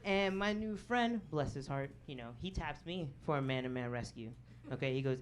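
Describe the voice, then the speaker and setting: A man's voice: on the high side, normal speed. A man telling a story in a stand-up comedy set on a club stage, chatty and full of asides, with the audience laughing. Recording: live club recording with audience noise.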